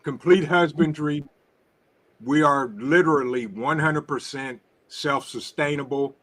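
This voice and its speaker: A man on a livestream panel, speaking at an unhurried, drawn-out pace. His voice is bright and forceful, and he agrees readily with the others as he talks. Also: on the high side, steady tone. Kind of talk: casual chat.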